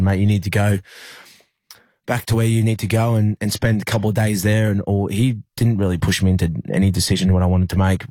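Australian male athlete, interview guest, low husky voice, loose rambling delivery. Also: darkish tone, no room sound. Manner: rambling, many fillers and restarts. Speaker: rugby league player, interview guest. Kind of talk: emotional personal recollection in an interview.

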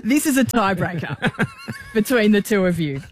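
A woman's voice: medium pitch, expressive, normal speed, background noise. A playful woman in her forties hosting a breakfast radio quiz with banter. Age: 40s. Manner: playful, laughing quizmaster. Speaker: radio host running a quiz.

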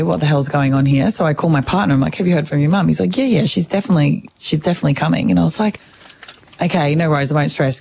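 A young woman co-hosting a radio podcast, telling a story in animated, casual chat. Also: low-pitched, vocal fry, a little hiss or hum. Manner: animated, swearing, self-interrupting.

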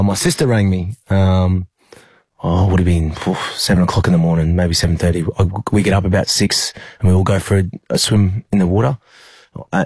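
A young Australian man, a rugby league player, telling a personal story in an interview, halting with many fillers and restarts. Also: deep voice, darkish tone, breathy edge, no echo.

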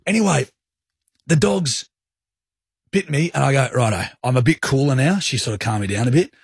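Aussie male radio host, husky tone, dry studio mic, lively yarn-spinner. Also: medium pitch, normal speed, no room sound. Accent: Australian. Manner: animated storyteller, acts out his own anger. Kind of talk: casual radio banter and storytelling. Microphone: studio microphone.

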